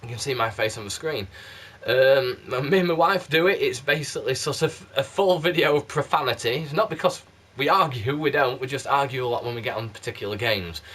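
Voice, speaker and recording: A man with a muddled South Yorkshire accent chats straight to camera, rambling and poking fun at himself. His voice sits at an everyday middle pitch. He is picked up by a games console camera mic. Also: fairly quick, fairly bright tone. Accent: mixed South Yorkshire English. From South Yorkshire, England. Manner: rambling, chatty, self-deprecating. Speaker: YouTube candle reviewer. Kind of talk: casual chat to camera. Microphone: PlayStation camera mic.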